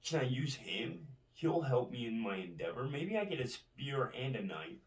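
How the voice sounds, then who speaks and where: A man's voice: medium pitch, sing-song, moderate pace. A man vlogging in a profane, rambling monologue, tagging his lines with "right?". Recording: roomy, distant from the mic.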